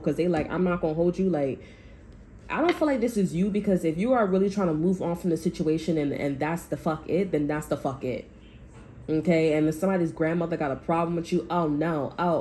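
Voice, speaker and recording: In a low, mellow voice with slight background noise, a tarot reader delivers a casual, blunt reading. She rambles, curses a lot, and keeps going back over the same points.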